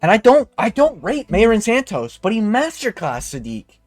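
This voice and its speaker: Profane ranting young man, high voice. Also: wildly swooping pitch, normal speed, soft background music. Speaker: MMA commentator. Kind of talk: casual fight breakdown rant.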